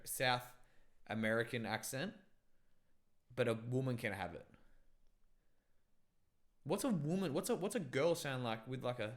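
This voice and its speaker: Brief: young guy, podcast co-host, loose and sweary, jumps into bits. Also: medium pitch. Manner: swears a lot, jumps between quick impressions of accents. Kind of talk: casual chat.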